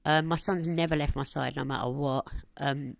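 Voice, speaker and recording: A woman's voice: low voice, normal speed, creaky, no echo. A woman, a podcast guest talking bluntly and animatedly, acting out what others said. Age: 40s. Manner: blunt and animated, acts out quoted speech. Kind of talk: candid interview chat.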